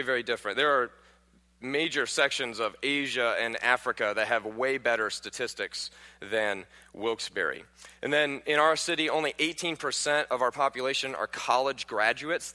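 A man's voice: mid-range voice, bright, forceful tone. A man in his thirties from Pennsylvania, a guest preacher telling humorous stories and quizzing the congregation. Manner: joking, questions the audience. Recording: echoey church hall.

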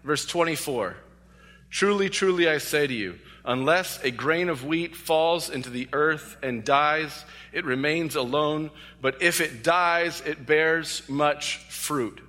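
A man's voice: a little high, takes it slowly, sharp tone. A male pastor preaching a sermon, earnest and emphatic, repeating key phrases. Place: church sanctuary. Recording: long echo of a large hall.

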